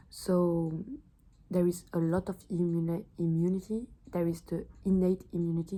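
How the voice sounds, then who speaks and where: A woman's voice: on the low side, warm tone, rough recording. A woman in her twenties with a French accent, a student explaining her revision notes in a hesitant, self-correcting way. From France. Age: 20s. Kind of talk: casual study explainer.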